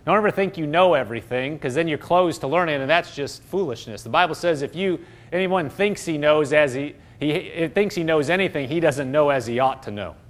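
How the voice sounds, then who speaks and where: A middle-aged man delivers a sermon in a notably high voice. He talks emphatically, slipping into fervent acted-out prayers and declarations of faith. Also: a little fast. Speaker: preacher.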